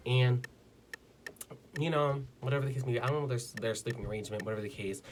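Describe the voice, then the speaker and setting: A man's voice: mid-range voice, quick pace, a little hiss or hum. A young man casually telling a personal story as a vlogger, chatty, blunt and playful, full of filler words. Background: background music.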